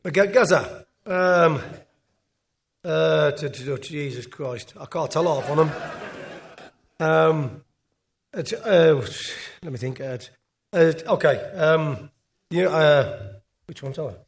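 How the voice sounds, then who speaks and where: A man's voice: a little high, slow pace, vocal fry, long pauses. A man, a former footballer, telling a rambling after-dinner story on stage with lots of repeats. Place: live event on stage.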